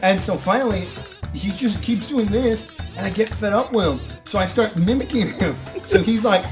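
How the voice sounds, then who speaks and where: A young man casually telling stories to friends, often laughing and acting out loud exclamations. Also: high voice, normal speed, music in the background. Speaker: channel host telling stories. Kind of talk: casual storytelling among friends.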